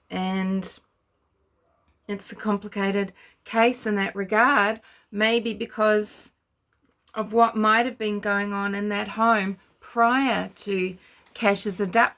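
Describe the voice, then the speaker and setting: A woman's voice: medium pitch, fairly bright tone. A woman giving ranting commentary, scornful and lecturing her viewers. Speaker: commentary vlogger.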